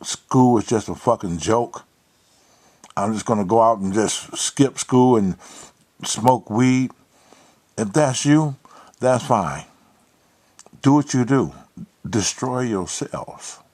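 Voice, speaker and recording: A man's voice: mid-range voice, lively intonation, slow pace, long pauses, darkish tone. A man hosting his own talk show, giving a blunt, profane, preachy monologue. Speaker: podcast host. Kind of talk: casual monologue.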